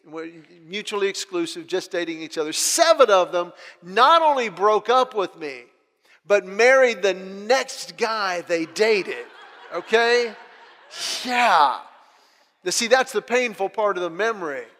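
A middle-aged man telling funny personal stories to an audience in an animated, self-deprecating way, often restarting his phrases. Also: high voice, measured pace, long reverb tail. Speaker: speaker sharing a personal testimony. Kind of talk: humorous personal storytelling.

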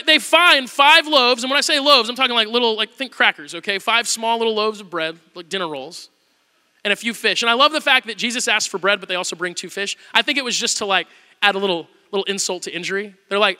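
A male pastor preaching a sermon, telling the story with animated storytelling and acting out the quotes. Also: extremely high pitch, clear, resonant tone, big-room sound.

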